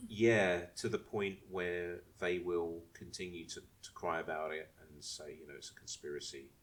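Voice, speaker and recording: A man with a very low voice, talking casually on a podcast. He rambles and restarts his sentences as he explains things to the other hosts. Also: fairly even intonation, normal speed. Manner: rambling, restarts and asks if he may speak. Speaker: podcast co-host. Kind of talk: casual chat.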